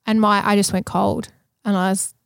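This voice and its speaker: Gravelly-voiced woman telling a story. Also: medium pitch, moderate pace, dry recording, clean studio sound. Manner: animated, self-deprecating, laughs often. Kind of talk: casual conversational storytelling.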